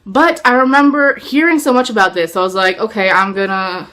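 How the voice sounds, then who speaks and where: A woman's voice: medium pitch, fairly even intonation, brisk, a bit bright. A young woman chatting casually to camera about the books she read, rambling along with lots of fillers. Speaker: book vlogger.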